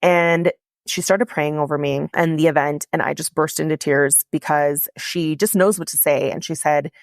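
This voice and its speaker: Woman, low voice, candid confessional storytelling, dry close sound. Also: steady tone, normal speed, creaky, no echo. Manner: candid, confessional, heavy use of "like". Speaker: podcast host and coach. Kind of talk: personal storytelling monologue.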